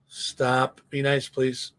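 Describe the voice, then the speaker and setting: A man hosting a casual live stream, hoarse, telling a rambling, profane story and breaking off to talk to his chat. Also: medium pitch, completely flat delivery, drawn-out words, fairly bright tone. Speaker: host.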